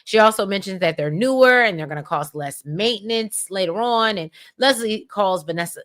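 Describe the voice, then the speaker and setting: Woman, vlogger, casual recap, sassy, animated, bright tone. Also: mid-range voice, normal speed.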